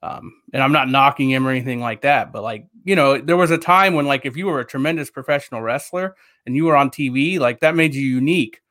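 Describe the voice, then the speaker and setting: Rambling podcast co-host, dry sound. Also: male voice, medium pitch, quick pace, hardly any pauses, fairly bright tone, no echo. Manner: hedging, rambling, filler-heavy. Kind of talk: casual chat.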